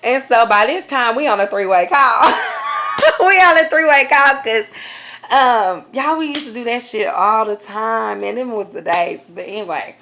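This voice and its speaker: A woman vlogger telling a personal story in a casual, animated way, laughing often and swearing freely in slang. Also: a little high, slight background noise. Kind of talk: storytime vlog.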